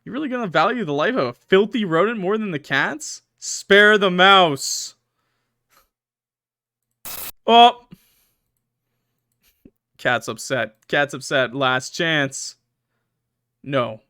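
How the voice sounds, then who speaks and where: A man's voice: on the high side, normal speed, sharp tone, dry recording, clean studio sound. A young man playing a horror game, reading its text aloud with dramatic swings and joking asides. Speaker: gaming YouTuber.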